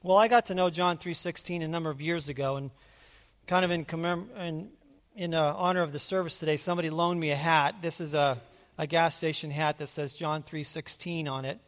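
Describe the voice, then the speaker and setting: A man preaching a sermon in a relaxed, conversational way, telling his own story with frequent restarts. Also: on the high side, a little fast. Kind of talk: sermon with personal testimony. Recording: hall reverb.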